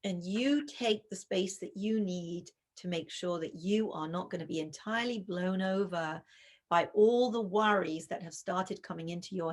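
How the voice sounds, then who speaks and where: Calm, measured woman with vocal fry, guest author guiding parents through a scenario on a video call. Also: fairly low pitch. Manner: calm, measured, addresses listener as "you".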